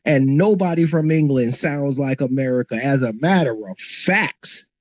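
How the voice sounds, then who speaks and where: A man's voice: mid-range voice, normal speed, no echo. A man arguing in a heated live audio-room debate, mocking the others. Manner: argumentative, mocking. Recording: dull dry lo-fi audio.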